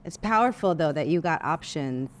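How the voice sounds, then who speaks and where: Affirming woman host, lowish voice. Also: expressive, moderate pace, a little hiss or hum. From the Bronx, New York. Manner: warm, affirming, asks reflective questions. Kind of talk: casual interview. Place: outdoors on a city street.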